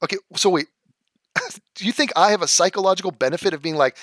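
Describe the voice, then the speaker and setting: A man's voice: sits high, quick pace, long pauses, a bit bright, dry recording, clean studio sound. A man answering viewer comments in a vlog, sarcastic, profane and exasperated.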